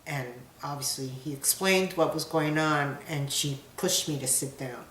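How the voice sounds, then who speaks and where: Middle-aged mother, low voice, hesitant emotional testimony, roomy echo. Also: a bit bright, slight background noise. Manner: halting, searching for words, emotional. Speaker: mother of a wounded soldier. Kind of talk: personal testimony interview.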